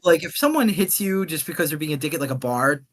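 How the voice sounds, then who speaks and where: A podcast co-host jumps into the conversation with quick, emphatic remarks that are full of fillers. The voice sits mid-range. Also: medium pitch, lively intonation. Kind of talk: casual chat.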